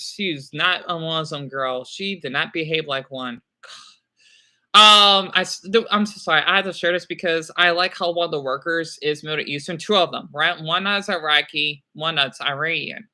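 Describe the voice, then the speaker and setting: A young man chats with viewers on a livestream in a fairly high, pushed, bright voice at normal speed. He rambles and apologizes, with many halts and fillers.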